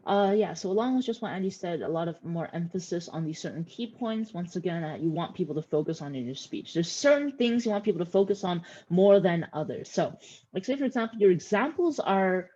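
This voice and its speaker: A woman judging a speech tournament, giving relaxed spoken feedback with many fillers over a video call. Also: on the low side, fairly quick, muffled recording.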